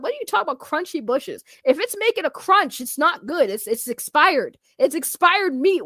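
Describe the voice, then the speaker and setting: A young woman talks loudly and excitably, laughing often as she riffs with her stream chat. Her voice sits high and is captured close and dry, with no room around it. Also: a little fast, no room sound. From Boston, Massachusetts. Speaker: streamer reacting to videos. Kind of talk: casual reaction stream chat.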